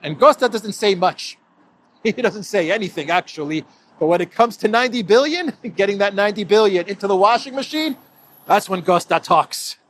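Male commentator, sarcastic and chuckling, fairly high voice, repeats himself. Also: a bit bright, a little hiss or hum. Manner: sarcastic, laughs often, repeats phrases. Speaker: political commentator. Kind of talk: casual solo commentary.

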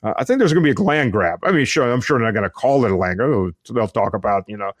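A man giving unscripted spoken military analysis, halting with many fillers and restarts. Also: fairly low pitch, lively intonation, dry recording. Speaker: military commentator.

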